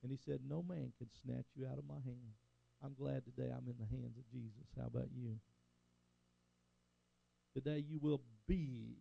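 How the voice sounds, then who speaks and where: A man's voice: medium pitch, gravelly, highs cut off. An older man preaching a sermon as a pastor, rising and falling for emphasis and calling out "Amen?" to the congregation.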